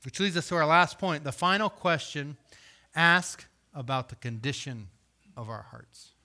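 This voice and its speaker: A man preaching a sermon, reading scripture aloud and voicing questions, swinging from loud emphasis to hushed, low delivery. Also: lively intonation, a little slow. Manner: reads scripture aloud and voices imagined questions. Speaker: pastor.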